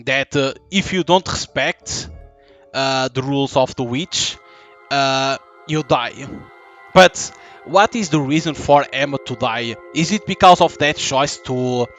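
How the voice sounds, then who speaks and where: A man giving live gameplay commentary, musing aloud and halting with fillers. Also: medium pitch, fairly bright tone, soft background music. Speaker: gaming commentator.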